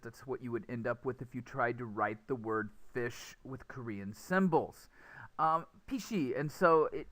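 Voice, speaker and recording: A man's voice: on the high side, fairly bright tone. A young man teaching a recorded English pronunciation lesson, explaining patiently and often repeating words as he restarts.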